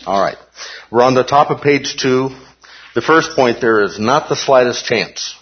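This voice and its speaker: Husky-voiced man teaching a Bible class. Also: mid-range voice, expressive, measured pace, muffled recording. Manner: conversational, checks in with the class.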